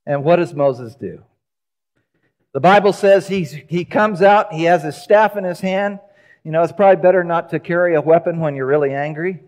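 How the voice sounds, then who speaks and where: A man preaching a sermon in a church, telling the story with lively acted-out voices. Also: sits high. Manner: animated storytelling, acting out quoted voices. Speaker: pastor. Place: church sanctuary.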